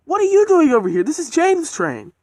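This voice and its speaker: Man doing a shrill outraged diesel engine. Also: wildly swooping pitch, brisk, no room sound, clean studio sound, exaggerated voice. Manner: shouting in disbelief. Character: shocked angry male diesel engine.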